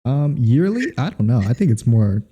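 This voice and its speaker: A man's voice: medium pitch, sing-song, normal speed, mellow, slightly rough, muffled recording. A young man co-hosting a casual podcast, rambling and hesitant as he talks. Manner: rambling, hesitant, full of fillers. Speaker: podcast co-host. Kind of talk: casual chat.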